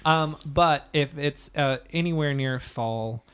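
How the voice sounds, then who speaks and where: A man's voice: fairly high pitch, slow, crowd noise. Man, podcast co-host, casual comedic chat, enthusiastic, laughs often.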